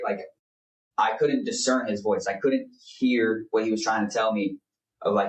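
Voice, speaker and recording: A young podcast co-host chats earnestly about faith in a loose, filler-heavy ramble. His pitch is fairly low and his pace brisk, picked up by a distant mic in a roomy space.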